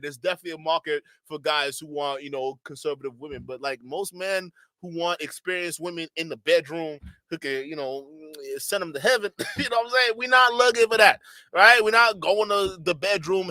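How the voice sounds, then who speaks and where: A man's voice: high voice, sharp tone, dry recording, clean studio sound. A man giving a blunt, profane reaction commentary, with mocking asides and bursts of laughter. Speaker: streamer commentator.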